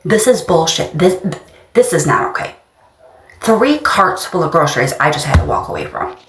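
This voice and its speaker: A woman's voice: fairly low pitch, very animated, normal speed, recorded from a distance, a little hiss or hum. A woman ranting in exasperation about her benefits being on hold. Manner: exasperated, complaining. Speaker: social media poster. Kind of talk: ranting phone video. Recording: echoey room.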